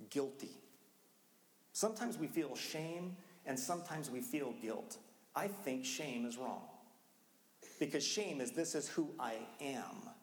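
A middle-aged man preaching a sermon in a casual, conversational way, acting out his own frantic moments as a parent. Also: mid-range voice. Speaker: pastor. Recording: echoey hall, long reverb.

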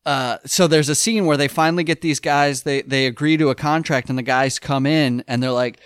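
A man chatting casually as a podcast host, telling rambling, animated stories full of fillers. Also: medium pitch, a little fast, clean tone, no room sound, studio quality. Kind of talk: casual chat.

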